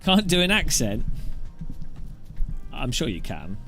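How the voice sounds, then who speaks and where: A man's voice: medium pitch, wildly swooping pitch, takes it slowly, vocal fry, a bit bright, faint music behind. A man from south-east England, chatting casually and jokily with viewers while sim racing at home. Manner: chatty, jokey, rambling. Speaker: streamer and host.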